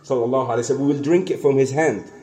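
Earnest man preaching, mellow voice. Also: mid-range voice, rapid-fire. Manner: earnest, repetitive, acts out the dialogue of the story. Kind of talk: sermon storytelling.

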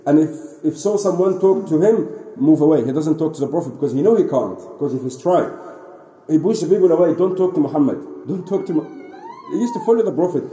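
Mellow-voiced man telling a religious story. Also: fairly high pitch, fast, muffled recording. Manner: animated retelling, frequent restarts, sprinkled Arabic phrases. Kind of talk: informal religious lesson, storytelling. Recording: roomy echo, faint ambient noise.

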